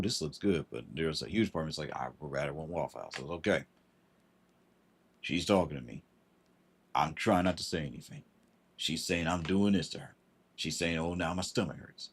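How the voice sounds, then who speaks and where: A man telling a personal story on a livestream, halting and repeating himself, with frustration in his voice. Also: very deep voice, fairly bright tone, husky. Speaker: vlogger.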